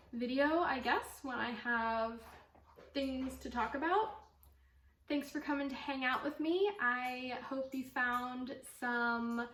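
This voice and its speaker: A young woman hosts a knitting podcast from home with her dog, chatting casually to camera and gushing, full of fillers. Her voice is high and a bit bright, sitting far from the mic in an echoey room.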